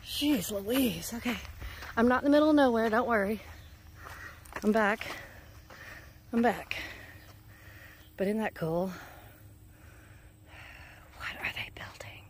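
Speaking at a measured pace with frequent pauses, a woman with a higher voice chats to her handheld phone camera. A little hiss or hum is audible as she vlogs casually while walking outdoors on a neighborhood road, a bit winded.

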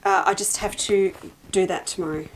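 A woman's voice: medium pitch, fairly even intonation, moderate pace, slight background noise. Chatty woman showing fabrics. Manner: chatty, enthusiastic, self-interrupting. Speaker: quilt shop host. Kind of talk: casual product show-and-tell.

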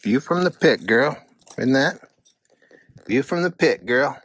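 A man vlogging outdoors on a hunting trip, chatting casually and coaxing his dog along in a fond, high, sing-song voice. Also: animated, a little slow, fairly bright tone, husky. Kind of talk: casual outdoor vlog narration. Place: outdoors by a river in the wind.

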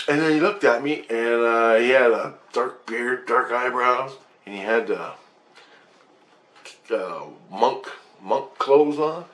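A man's voice: medium pitch, slow, fairly bright tone. Man, blunt profane storyteller, rambling vlog delivery. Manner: profane, blunt, with frequent restarts. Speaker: vlogger sharing spiritual experiences.

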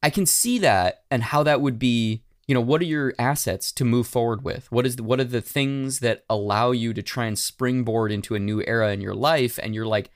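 A man's voice: medium pitch, normal speed, hardly any pauses, no room sound, studio quality. A man co-hosting a podcast in casual chat, candid and swearing freely, with plenty of fillers. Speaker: podcast co-host.

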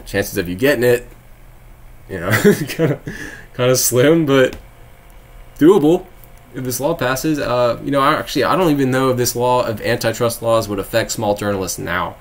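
A man's voice: medium pitch, normal speed. Rambling, sarcastic male streamer from Texas. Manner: rambling, laughs often, sarcastic asides. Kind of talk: casual live-stream chat reading viewer comments.

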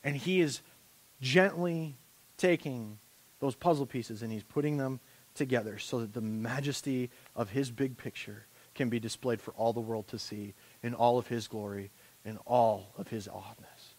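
A man preaching a sermon as pastor, animated and conversational, joking with a volunteer on a church stage. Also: medium pitch, normal speed. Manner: animated, rising to loud impassioned preaching.

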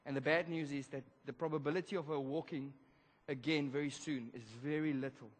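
A man's voice: fairly high pitch, brisk. Man preaching in a reverberant hall. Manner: animated storytelling, swings from loud to hushed. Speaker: pastor. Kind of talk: sermon storytelling. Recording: long church hall reverb.

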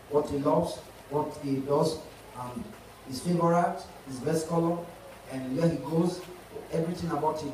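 A Nigerian pastor preaching a sermon, often asking the congregation questions to get them to respond. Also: male voice, fairly high pitch, dark tone. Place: church hall. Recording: echoey church hall, mic at a distance, faint hiss.

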